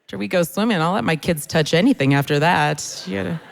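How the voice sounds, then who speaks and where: A woman's voice: on the low side, gravelly. Woman, middle-aged, stand-up comic, self-deprecating, conversational, reverberant hall. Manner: self-deprecating, conversational, pausing for audience laughs. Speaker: comedian. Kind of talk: stand-up comedy. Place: church hall on stage.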